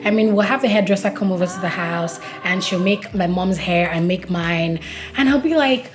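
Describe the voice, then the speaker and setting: A woman's voice: fairly low pitch, level tone, moderate pace, faint music behind. Chatty young woman from Nigeria. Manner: chatty storytelling that acts out quoted dialogue. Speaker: vlogger. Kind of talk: casual vlog monologue.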